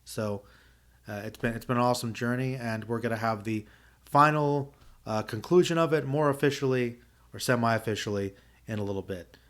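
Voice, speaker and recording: A man in his thirties talks through his thoughts in a loose, rambling way. He restarts his sentences and fills the gaps with "uh" as he reflects, and his voice sits at an ordinary, middle pitch. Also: moderate pace, fairly bright tone. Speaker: podcast host. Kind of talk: casual spoken review.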